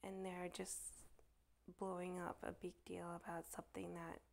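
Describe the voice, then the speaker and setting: A woman with a deeply creaky, gravelly voice tells a meandering personal story. She talks haltingly with many fillers and restarts, often sinking into a soft whisper. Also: completely flat delivery.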